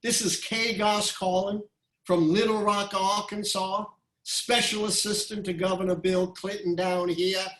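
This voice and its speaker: A brisk Southern woman aide chirps a cheerful phone greeting, as an older man puts her on in a story. The voice is lifted above his own. The room around it sounds roomy. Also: high voice, level tone, a bit bright, far from the mic, voice pushed up. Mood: chirpy.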